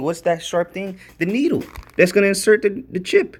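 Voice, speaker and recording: A man's voice: high-pitched, normal speed. A man giving a casual, rambling Bible study commentary, repeating himself, often checking in with "all right?", and growing emphatic as he reads out word definitions. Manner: grows emphatic and excited while reading out definitions. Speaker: religious video commentator.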